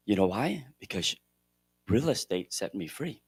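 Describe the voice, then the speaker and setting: A man's voice: lowish voice, normal speed, breathy edge. Man telling a story from a conference stage. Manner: animated storyteller, swings between loud emphasis and hushed moments. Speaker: keynote speaker at a real estate conference. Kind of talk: motivational storytelling speech.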